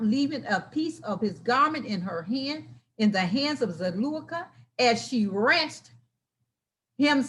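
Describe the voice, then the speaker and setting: A woman reads scripture and keeps stopping to comment and exclaim, drifting into her own stories. Her pitch is fairly high and swings widely. She takes her time over every phrase. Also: a bit bright. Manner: emotional, exclaiming, digressing into personal stories. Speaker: Bible storyteller. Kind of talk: reading scripture with personal commentary.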